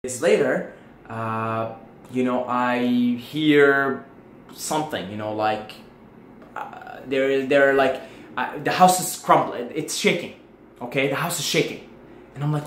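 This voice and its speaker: A man's voice: mid-range voice, measured pace, a bit bright. A man talking casually to his viewers from home as a spiritual video host, acting out his own panic as he tells a story. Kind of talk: casual spoken monologue. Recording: echoey room, faint background hiss.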